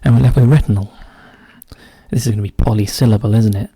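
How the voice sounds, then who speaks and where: Gravelly, husky man muttering clues. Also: fairly low pitch, steady tone, fast, no room sound. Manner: muses aloud, often drops to a quiet mutter. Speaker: crossword solver. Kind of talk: casual solo puzzle-solving commentary.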